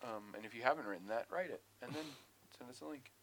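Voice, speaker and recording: A man co-hosting a podcast in casual chat, talking in an animated, profane way with bursts of mock outrage. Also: medium pitch, fast. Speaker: podcast co-host.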